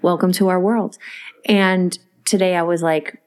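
Animated mom podcaster telling a story. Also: female voice, lowish voice, measured pace, clean tone. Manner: animated storyteller, acts out quotes. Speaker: podcast co-host. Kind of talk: casual chat.

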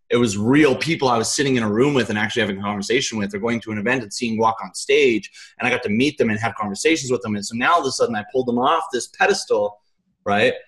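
A man as an interview guest, telling a casual, animated story in loose, colloquial speech with some swearing. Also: medium pitch. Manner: animated, acts out his own quoted thoughts.

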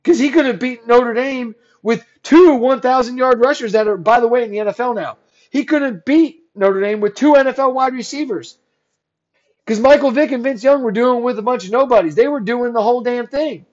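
A man hosting a solo sports podcast, ranting sarcastically and growing loud and heated. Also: very high-pitched, moderate pace, dull audio. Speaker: podcast host.

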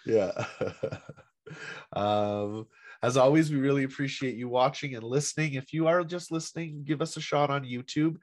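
A man hosting a podcast in casual chat, upbeat and quick to laugh. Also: medium pitch. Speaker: podcast host.

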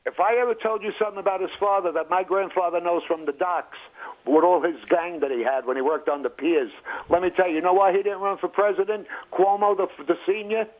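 New caller on a tinny phone line. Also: male voice, high-pitched, steady tone, a little fast. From New York. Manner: blunt, joking, talks over the host. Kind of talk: call-in radio chat.

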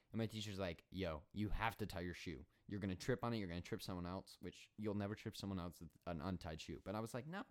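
Rambling twenty-year-old podcast host. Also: male voice, deep voice, smooth. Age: 20s. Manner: animated, rambling, sarcastic storytelling with many fillers and restarts. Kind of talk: solo podcast storytelling.

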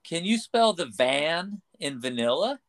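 A man voicing an exasperated male ice cream counter clerk in a told joke, pitching his voice up. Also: very animated, unhurried, fairly bright tone, exaggerated voice. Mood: patient.

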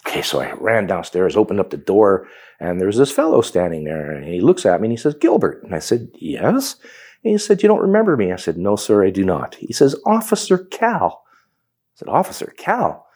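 A man's voice: lowish voice, very animated, fairly quick, a little mellow, slightly rough. A middle-aged man with a Canadian accent telling his personal testimony in a reflective storytelling manner. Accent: Canadian English. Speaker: testimony speaker.

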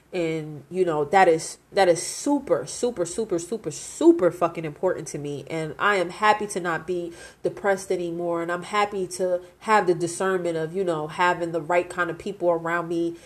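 A woman's voice: fairly low pitch, a bit bright. A woman in her twenties hosting a podcast, talking candidly in a blunt, profane and heartfelt way. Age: 20s. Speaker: podcast host. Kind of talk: candid confessional podcast talk.

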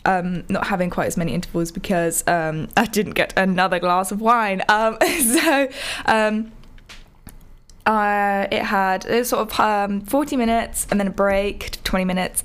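A young woman who hosts a podcast and gives a casual spoken theatre review, chatty and rambling with lots of ums and restarts. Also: mid-range voice. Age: young adult.

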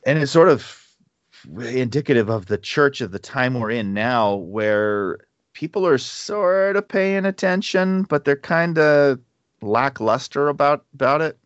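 A man co-hosting a podcast, talking through a Bible passage in a reflective, halting way with many restarts. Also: medium pitch, lively intonation, no room sound, dull audio. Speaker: co-host of a Bible study podcast. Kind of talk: casual Bible discussion.

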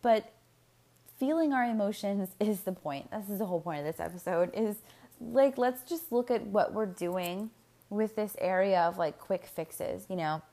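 A woman's voice: medium pitch, moderate pace. Candid, swearing woman podcaster. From United States. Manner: candid, profane, animated, with frequent fillers and laughs. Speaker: podcast host. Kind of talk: casual solo podcast monologue.

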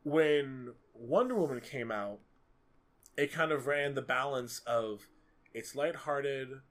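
A man in casual podcast chat who rambles and stays animated. His voice sits at an ordinary middle pitch, and he piles up fillers as he thinks aloud. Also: slow. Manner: animated, rambling, many fillers like "you know". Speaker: podcast co-host. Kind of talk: casual film discussion.

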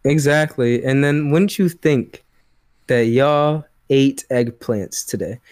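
A man's voice: mid-range voice, takes it slowly, a little mellow, dry recording. A young man co-hosting a casual podcast, teasing his friend with slangy, laughing banter. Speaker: podcast co-host.

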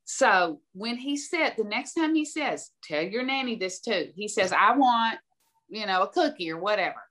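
A woman's voice: medium pitch, expressive, moderate pace, fairly bright tone. An older woman from the American South, a podcast guest giving direct, emphatic advice and telling stories. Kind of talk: conversational advice.

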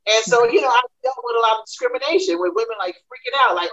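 A woman comedian talking through a panel discussion, telling her story in quick animated bursts. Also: a little high, dull audio.

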